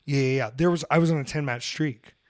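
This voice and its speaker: A man's voice: a little high, fast, dry recording, clean studio sound. A man hosting a podcast in casual chat, telling rambling, jokey stories about wrestling.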